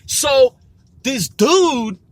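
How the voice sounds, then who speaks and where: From a moving car, a forties-aged man records his mobile podcast, ranting casually while driving, swearing often and correcting himself along the way. His very high, expressive voice moves extremely slowly, with no room sound.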